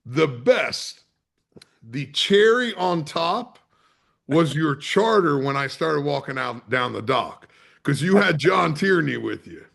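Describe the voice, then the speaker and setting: A charter captain from the US East Coast, a guest on a podcast, telling a story in a lively, salty way and acting out what people said. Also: male voice, fairly high pitch, slow, creaky. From Maryland's Eastern Shore, USA. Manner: vivid storyteller, swears freely, acts out quotes. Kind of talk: conversational storytelling.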